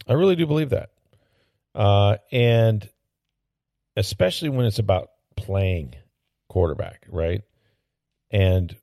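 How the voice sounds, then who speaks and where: Gravelly, low-voiced sports talk man. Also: mellow, no echo, studio quality. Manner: rambling and opinionated, with frequent fillers and restarts. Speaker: sports podcast host. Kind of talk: casual sports talk commentary.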